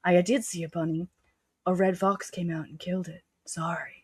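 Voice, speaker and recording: A woman voicing a brooding, mysterious young man in a hushed, half-whispered voice. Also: on the low side, flat delivery, moderate pace, husky, no echo, studio quality.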